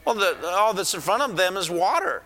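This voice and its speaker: A man preaching a sermon with fervor, crying out in praise and rising to shouts to drive points home. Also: sits high, lively intonation, normal speed. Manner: fervent, with exclamations of praise.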